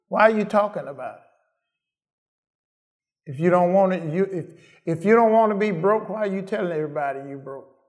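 A man's voice: sits high, lively intonation, a little fast, long pauses, a little mellow. A man preaching a sermon in a call-and-response manner, often asking "Am I right?" and repeating his phrases for emphasis.

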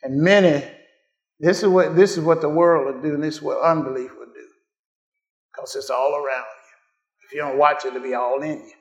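A man preaching a sermon, swinging from shouted, sung-out cries down to low murmurs and chuckling as he calls to the congregation. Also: fairly even intonation, normal speed, long pauses, echoey room.

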